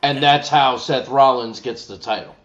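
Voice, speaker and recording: A man co-hosting a casual live talk stream, relaxed, reading viewer comments aloud. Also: medium pitch, normal speed, dull audio. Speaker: wrestling podcast co-host.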